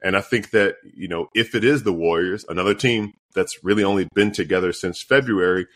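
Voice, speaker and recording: A man's voice: deep voice, fairly quick, a bit bright. A man co-hosting a sports podcast, chatting casually and playfully quizzing his partner. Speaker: podcast co-host.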